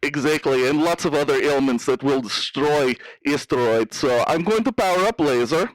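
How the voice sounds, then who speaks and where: A man doing a sloppy, drunk hacker caller with a put-on Russian-flavored accent, slurring through a brash, careless boast in a dry, close recording. His voice sits a little higher than most men's. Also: moderate pace, no room sound, lightly acted, rough recording. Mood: drunk bragging. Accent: put-on Russian-sounding. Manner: slurring, brash, says bro and dude. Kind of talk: improvised radio call-in comedy.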